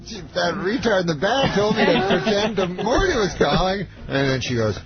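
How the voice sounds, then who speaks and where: Deadpan, halting man telling a story. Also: high-pitched, muffled recording, very noisy. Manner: halting, deadpan, heavy on fillers and restarts. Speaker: comedian guest. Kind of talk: rambling storytelling on a radio show.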